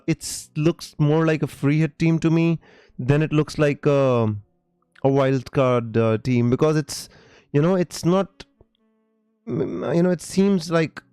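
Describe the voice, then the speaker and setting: A man's voice: on the high side, darkish tone, clear, resonant tone, no echo. A man hosting a live stream, casually answering viewer questions with many fillers and restarts and calling people mate. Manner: reads viewer comments aloud.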